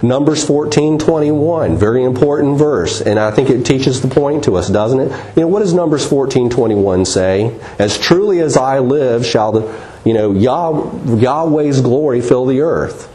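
A man's voice: mid-range voice, animated, moderate pace, dark tone. Earnest man teaching a Bible class. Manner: earnest, explains word by word, asks rhetorical questions; spells out words letter by letter.

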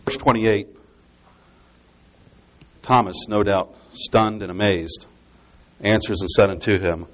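A man's voice: fairly low pitch, steady tone, slow, slight background noise. A man preaching a Bible exposition sermon. He repeats key phrases for emphasis and explains scripture step by step.

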